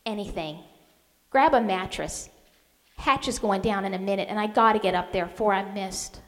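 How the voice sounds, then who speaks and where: Woman reading as gruff old sailor, rough urgent speech, storybook reading, long echo of a hall. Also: medium pitch, moderate pace, close to an everyday voice. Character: rough old male sailor giving a fierce warning.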